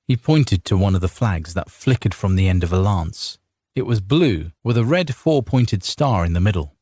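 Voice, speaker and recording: A man narrating a fantasy audiobook in a measured, dramatic storytelling manner. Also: low voice, animated, a little mellow, slightly rough, no room sound, clean studio sound.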